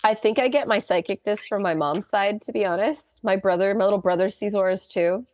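A woman's voice: mid-range voice, fairly quick, a little mellow, no echo. A woman in her early thirties tells a personal story as an interview guest. She is chatty and giggles often, and she restarts her sentences and says "like" a lot. The audio is dry and a little dull. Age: early 30s.

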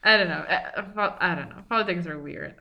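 A woman's voice: on the low side, brisk, lo-fi sound. A young woman from Slovenia co-hosting a casual chat, talking loosely with many fillers and frequent laughs. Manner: chatty, laughs often, lots of "like" fillers. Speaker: podcast co-host.

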